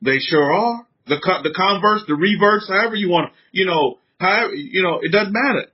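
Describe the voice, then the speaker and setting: A man's voice: high voice, normal speed, husky. A man giving an informal sermon as a religious teacher, fervent and conversational, with casual slang. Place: San Antonio. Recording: dull lo-fi recording.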